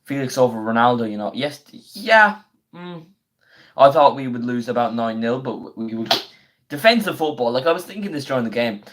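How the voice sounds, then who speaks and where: A young man, his voice going hoarse, chatting casually on a live football watchalong and breaking into excited play-by-play of the action. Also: mid-range voice, noisy background. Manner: chatty and slangy, bursts into quick excited play-by-play. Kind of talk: casual live stream chat with match commentary.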